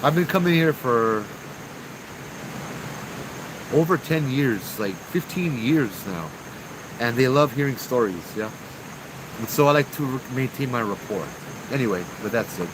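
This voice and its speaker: A man tells ghost stories in an easygoing, chatty way, talking straight to his viewers. He is outdoors, with crickets and insects clearly audible behind his voice. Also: medium pitch, measured pace, pauses often, background noise. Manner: chatty, relaxed, talks to chat. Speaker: storyteller host. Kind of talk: casual live storytelling.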